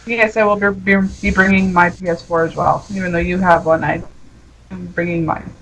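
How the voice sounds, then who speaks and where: A woman's voice: lowish voice, steady tone, moderate pace, a bit bright, a little hiss or hum, low-quality recording. Matter-of-fact woman in casual chat. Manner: matter-of-fact, explains plainly. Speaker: guest co-host.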